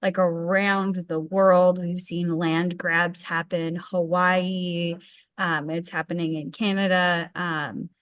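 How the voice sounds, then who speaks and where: A woman chats on a podcast, eagerly jumping in with her own examples. Her voice is a little low. It is recorded dry and close, with no room sound. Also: flat delivery, slow, a bit bright, no echo. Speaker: podcast co-host. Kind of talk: casual podcast conversation.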